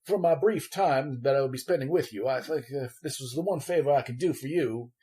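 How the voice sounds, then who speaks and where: A man playing a wordy, evasive Southern gentleman lawyer, flowery and polite, halting with many restarts. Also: medium pitch, close to an everyday voice. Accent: American Southern. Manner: florid, overly polite.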